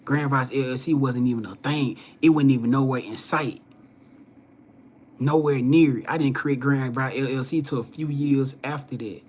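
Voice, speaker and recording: A young man tells a story to his viewers in a relaxed, conversational way, acting out the voices of the people in it. His voice sits at a middle pitch and moves between loud, lively moments and low, hushed ones. Faint noise sits under the recording. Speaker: spiritual reader and host. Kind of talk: casual storytelling to a live audience.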